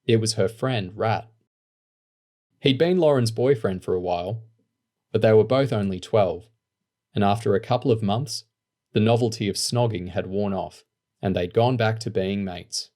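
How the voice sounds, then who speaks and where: A man narrating an audiobook in a steady, even storytelling manner. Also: fairly low pitch, moderate pace, long pauses. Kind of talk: scripted narration.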